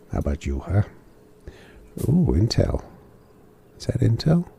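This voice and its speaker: A man's voice: lowish voice, wildly swooping pitch, slow pace, vocal fry, mellow, slight background noise. A man giving casual, joking commentary while playing a video game, talking to himself as he goes. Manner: chatty, joking asides to himself. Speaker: gamer.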